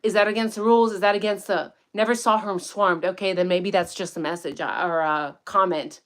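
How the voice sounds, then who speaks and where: A woman giving casual livestream commentary outdoors in the woods, profane, excitable and rambling as she reads the chat. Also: medium pitch, a little fast. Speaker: true-crime commentator.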